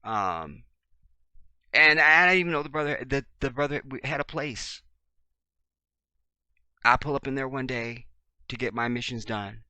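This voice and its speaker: A man, talking to his viewers in an animated monologue and acting out the voices of the people in his stories. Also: medium pitch, moderate pace, pauses often, clear, resonant tone, no echo. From Chicago, USA. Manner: animated storyteller, acts out dialogue, swings loud and soft. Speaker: video blogger. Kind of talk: casual monologue to camera.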